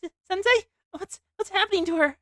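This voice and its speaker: A woman doing a high, earnest young nun. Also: brisk, sharp tone, no room sound, clean studio sound. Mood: alarmed. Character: earnest, polite young nun girl, nervous.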